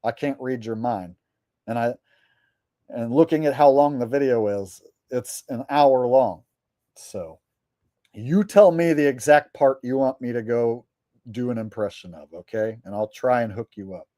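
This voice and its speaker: A comedian chatting loosely on his livestream, joking and rambling as he answers viewers. His voice is mellow and relaxed, at an ordinary male pitch. The sound is dry and close, with no room behind it. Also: unhurried, no room sound. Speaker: comedian and streamer. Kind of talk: casual livestream chat reading viewer messages.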